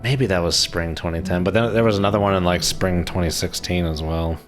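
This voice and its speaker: Casting note: man in his thirties, very low voice, relaxed streamer rambling through commentary, lots of "like". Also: fairly quick, faint music behind. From Maryland, USA. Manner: rambling, laid-back, heavy on "like" fillers. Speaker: game streamer. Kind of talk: casual live-stream commentary.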